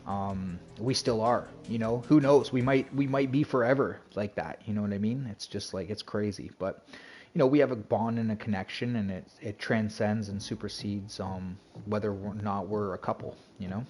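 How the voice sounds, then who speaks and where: A man's voice: on the low side, steady tone, normal speed, a little mellow, soft background music. A man chatting casually on his game stream, rambling and full of fillers and restarts. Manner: rambling, filler-heavy, self-interrupting.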